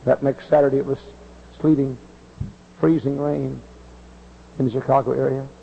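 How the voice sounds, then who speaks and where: A man's voice: mid-range voice, little pitch movement, moderate pace, gravelly, big-room sound, a little hiss or hum. A man preaching a revival sermon before a large congregation, telling stories with passion and hollering. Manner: hollering, impassioned storytelling. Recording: muffled lo-fi recording.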